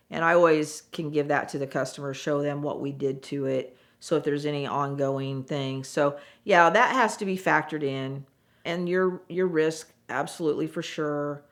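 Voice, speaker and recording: Low-voiced woman telling stories. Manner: animated, acts out quoted voices, frank and chatty. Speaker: former car saleswoman telling stories. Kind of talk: casual storytelling interview.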